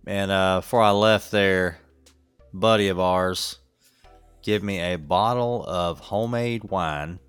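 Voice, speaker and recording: A man's voice: sits low, slow, fairly bright tone, smooth, no echo, faint music behind. A middle-aged man co-hosting a podcast, telling rambling stories with a chuckle in casual chat. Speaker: podcast co-host.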